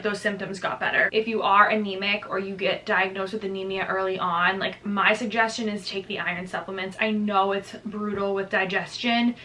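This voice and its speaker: A woman's voice: medium pitch, bright, forceful tone, distant mic, slight background noise, rough recording. A young pregnant woman chatting casually in a vlog update, reading from her notes with lots of "like". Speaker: vlogger.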